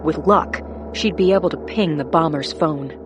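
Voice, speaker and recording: Low-voiced woman narrating a thriller. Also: normal speed, noisy background. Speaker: audiobook narrator. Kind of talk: scripted first-person thriller narration.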